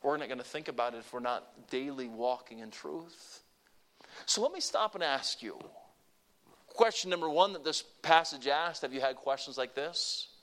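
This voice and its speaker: A man preaching a sermon to a congregation, earnest and conversational, rising to emphatic peaks and dropping to soft, quiet asides. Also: mid-range voice, lively intonation, normal speed. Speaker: pastor.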